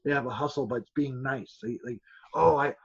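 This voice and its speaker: A man guest telling fight stories in a casual chat. He is an animated storyteller who restarts and repeats words. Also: mid-range voice, fast, husky. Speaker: kickboxer guest. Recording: dull lo-fi podcast sound.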